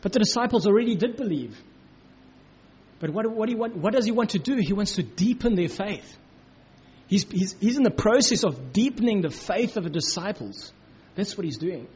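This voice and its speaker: Husky-voiced man teaching the Bible casually. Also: high-pitched, expressive, normal speed, darkish tone. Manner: informal, many "you know, like" fillers, acts out quotes. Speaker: preacher. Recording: dull lo-fi recording.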